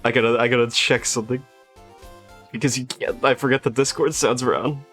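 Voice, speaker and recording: A man's voice: medium pitch, fairly even intonation, fairly quick, a bit bright, faint music behind. A man streaming a video game, chatting casually and laughing often between lines. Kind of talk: casual live-stream gameplay chat.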